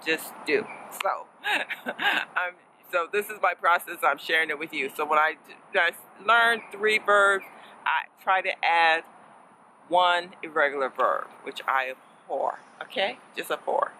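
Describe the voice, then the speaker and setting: A woman's voice: lowish voice, lively intonation, a little slow, sharp tone, a little hiss or hum, rough recording. A woman casually teaching a lesson as a fellow learner, chatty and playful, laughing often and slipping in Spanish words.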